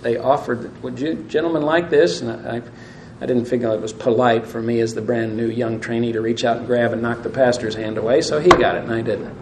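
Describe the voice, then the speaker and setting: Gravelly man preaching in an echoey room. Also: mid-range voice. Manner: asks the audience questions, reads scripture aloud. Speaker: pastor. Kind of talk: sermon. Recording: echoey room with faint noise.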